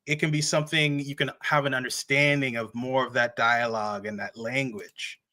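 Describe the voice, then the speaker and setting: Male host, bright, reflective, recaps the guest's points. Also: mid-range voice, fairly even intonation, normal speed. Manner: summarizes the guest's points, thinks aloud with restarts. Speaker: talk show host. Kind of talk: reflective talk show hosting.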